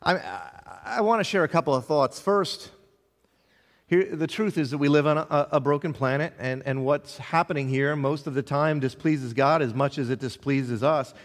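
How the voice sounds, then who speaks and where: A middle-aged man, a pastor, preaching a sermon with passion, stumbling over repeated words and swinging between loud and soft. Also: on the high side, normal speed. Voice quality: impassioned, with dramatic swings in loudness and repeated words. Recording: long hall reverb.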